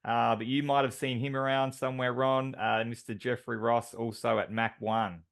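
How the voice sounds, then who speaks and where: A man's voice: medium pitch, little pitch movement, normal speed, gravelly. A man co-hosting a team call, announcing award winners with enthusiastic, filler-heavy talk.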